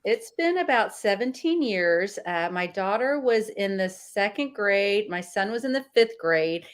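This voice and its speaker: A middle-aged woman speaks as a guest author on a live stream. Her voice sits at a medium pitch, and she answers plainly and warmly. The sound comes through a video call. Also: lively intonation, measured pace. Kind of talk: live interview.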